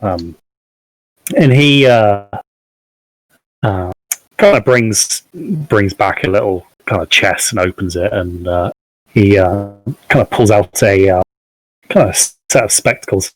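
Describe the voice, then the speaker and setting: A man with a low voice narrates a tabletop fantasy game as its game master. He hedges constantly and reaches for words as he describes the scene. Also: dry recording, poor audio. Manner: halting, many fillers and hedges.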